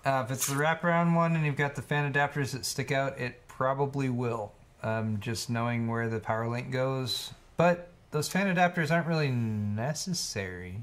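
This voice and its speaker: A man co-hosts a relaxed livestream, reading out viewer donations. He walks through hardware questions patiently, often repeating a word or two before his point lands. His voice sits at a middling pitch. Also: moderate pace, hardly any pauses. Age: adult, married. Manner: explanatory, repeats words when starting. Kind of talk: casual livestream chat.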